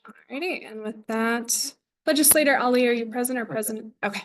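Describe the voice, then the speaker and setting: A woman chairing a student government meeting, reading the agenda and roll call in a brisk, scripted way. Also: on the high side.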